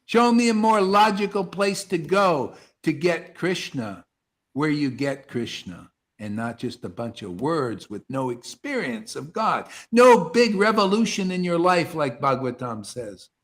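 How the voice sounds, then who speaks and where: A man giving an impassioned devotional talk to an online group, preachy and fervent, swinging between soft asides and loud exclamations. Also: a little high, very animated, measured pace. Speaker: spiritual teacher leading an online satsang. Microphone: video call.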